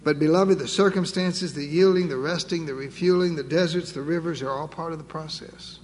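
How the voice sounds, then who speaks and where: A man preaching a sermon, emphatic and building through repeated phrases and pauses. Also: a little high, steady tone, darkish tone. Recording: long reverb, faint background noise.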